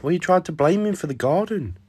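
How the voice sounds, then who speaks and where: A man's voice: fairly high pitch, lively intonation, a little fast, darkish tone, husky. A man playfully questioning his pet dog in a mock-serious tone. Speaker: pet owner. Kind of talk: teasing chat with his dog.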